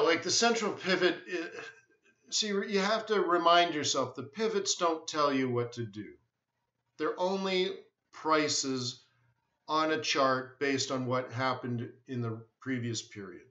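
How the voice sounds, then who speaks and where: Slow and forceful with long pauses, this forex trading host has a slightly high, bright voice. On his live stream he answers viewers bluntly and emphatically, repeating himself often. His echoey room gives dull, lo-fi sound.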